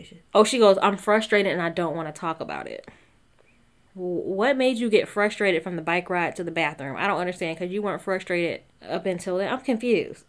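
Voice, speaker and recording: A woman giving a casual, gossipy recap of a reality show, often quoting the cast in lively put-on voices. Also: medium pitch. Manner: chatty, gossipy, quotes the cast in animated voices.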